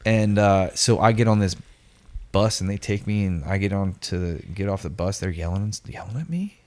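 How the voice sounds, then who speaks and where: A man in his forties telling a story casually on a podcast, slangy and animated, acting out the voices of the people in it. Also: low voice, normal speed. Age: 40s. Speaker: podcast guest.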